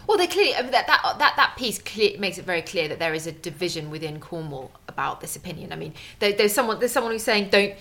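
A woman chatting casually as a podcast co-host, brisk and teasing as she chides her partner. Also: fairly low pitch, sing-song, a bit bright. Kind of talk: casual chat.

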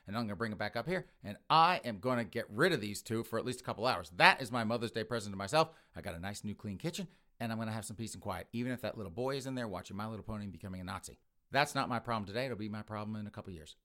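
A man voicing an exasperated middle-aged mother who grumbles and complains in a lower, quieter voice.

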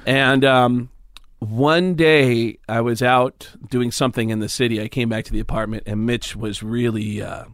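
A man's voice: mid-range voice, normal speed, dry recording, studio quality. A man, a comedian guest, telling stories in a casual interview, acting out the voices of the people in them and swearing freely. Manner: animated, acts out quoted voices, swears freely.

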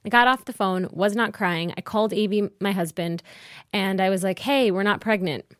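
A woman in her twenties speaks candidly and openly about her own experience, with a chatty flow full of "like." Her voice sits at a medium pitch, and the recording is close and dry. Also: normal speed, a bit bright, no echo. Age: 20s. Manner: open, chatty, uses filler "like". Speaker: podcast host as guest. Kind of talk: candid personal storytelling.

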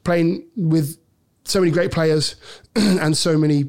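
A middle-aged man, a former footballer and podcast guest, telling a lively anecdote and often laughing. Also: on the high side, takes it slowly. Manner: animated storyteller, laughs often, acts out quotes. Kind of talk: storytelling anecdote in a podcast interview.

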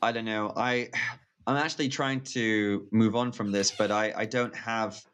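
Man co-hosting a movie podcast, lowish voice, thoughtful and wry. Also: fairly even intonation, a little slow, fairly bright tone, clear, resonant tone. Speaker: podcast co-host. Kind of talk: casual movie discussion.

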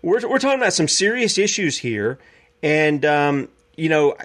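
Talk show host, fairly high voice. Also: male voice, sing-song, normal speed, fairly bright tone. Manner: folksy, chuckles often.

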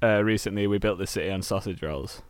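A man chatting on a podcast, excitable and jokey. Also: on the low side, quick pace, clean tone. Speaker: podcast co-host. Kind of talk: casual podcast chat.

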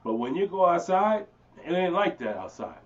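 A man talking in a casual chat, telling a story in a lively, slangy way. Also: high voice, moderate pace. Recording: distant muffled mic.

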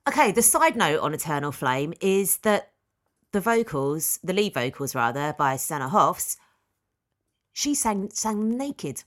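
Woman rambling through a story on a podcast, lowish voice, bounces all over in pitch. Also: a little slow. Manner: animated storyteller, chatty. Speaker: podcast co-host. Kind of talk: casual chat.

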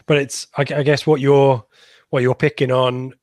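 A man's voice: mid-range voice, flat delivery, normal speed, no room sound. A man hosting a casual football podcast, talking in a rambling, chatty way with frequent ums and laughs. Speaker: podcast host.

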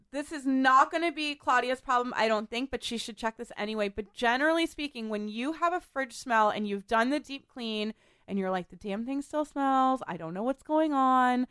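A woman's voice: on the high side, sharp tone, smooth, dry recording, studio quality. A woman hosting a casual podcast, giving practical cleaning tips in a chatty way with frequent laughs.

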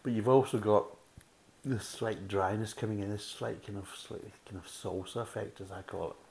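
A man's voice: on the low side, fairly even intonation, normal speed, vocal fry, a little mellow, rough recording. A man reviewing beer in a casual, blunt, rambling way, repeating himself often. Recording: faint background hiss.

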